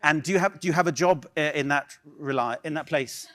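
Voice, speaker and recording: Before a live crowd in a conference hall, a man from England runs an improv workshop with brisk, lively talk, joking and bantering with volunteers. His voice is a little high and a bit bright.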